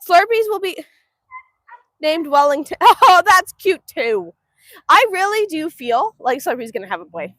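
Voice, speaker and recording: Her voice is very high, pushed and bright, very animated yet measured in pace, as she hosts a casual homestead livestream from her phone outdoors on a farm. Chatty and quick to laugh, she answers viewers, and the sound is studio quality with no echo.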